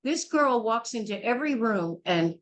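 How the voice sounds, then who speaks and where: An older woman, a midwife, gives a blunt and forceful childbirth class lecture, scolding and repeating herself. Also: on the high side, lively intonation, normal speed, low-quality recording. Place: small indoor class.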